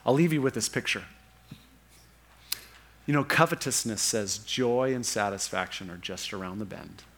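A man preaching a sermon as pastor, earnest, often slowing down and dropping softer to press a point. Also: fairly low pitch. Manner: earnest, slows and softens for emphasis.

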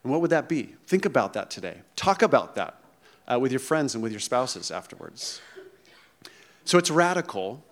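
A man's voice: medium pitch, big pitch swings, normal speed. Emphatic man preaching a sermon. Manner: conversational, emphatic, checks in with "okay?" and "right?". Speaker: pastor.

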